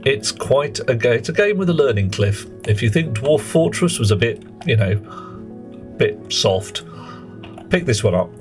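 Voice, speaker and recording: A man's voice: medium pitch, sing-song, measured pace, music in the background. A man streaming a game live, chatting in a jokey, rambling way and greeting viewers between explanations.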